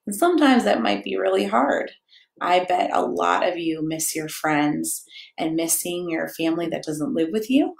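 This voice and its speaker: Animated woman reading a picture book. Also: lowish voice, vocal fry. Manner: animated, playful, talks to the children and her dog. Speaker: children's story reader. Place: church or home room, echoey. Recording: echoey room.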